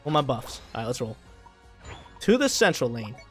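A young adult man creates gaming videos, narrating his gameplay live in casual gamer slang. His mid-range voice moves at a moderate pace, and he's excitable, often bursting into loud, hyped shouts. Faint music plays underneath.

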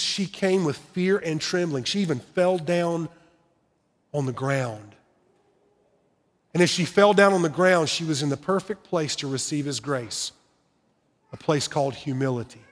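High-voiced pastor preaching. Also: male voice, lively intonation, measured pace, long reverb tail. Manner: storytelling, earnest and personal. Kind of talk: sermon. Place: church sanctuary.

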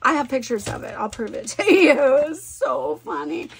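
Chatty crafting vlogger, a woman with a slightly high voice, animated and giggly, a faint hum of room ambience. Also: normal speed, creaky. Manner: chatty and animated, thinking aloud, laughs often. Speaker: scrapbooking vlogger. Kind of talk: casual chat while crafting.

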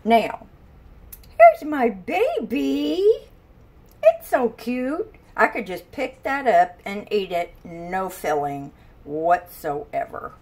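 An older woman talks to her viewers from her kitchen at a slow, easy pace. She is chatty and folksy, often breaking into exclamations. She sounds tired. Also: medium pitch, sing-song, darkish tone. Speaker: vlogger. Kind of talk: casual chat to camera. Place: home kitchen.

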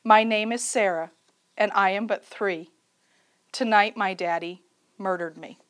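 A woman reciting a poem in the first person as a frightened, abused three-year-old girl, in a slow and solemn manner. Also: medium pitch, lightly acted. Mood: mournful.

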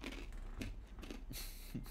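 A man's voice: extremely slow, noisy background. A man streaming a video game live, chatting casually with viewers and swearing freely as he plays. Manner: swears freely, chats with viewers while playing. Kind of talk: casual live gaming commentary. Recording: game music clearly behind the voice. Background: game music.

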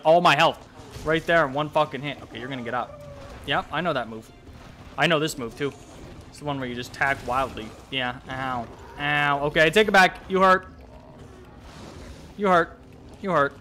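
A young man giving casual let's-play commentary, swearing and talking back to the monster, with sudden yells. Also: fairly high pitch. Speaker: gameplay commentator.

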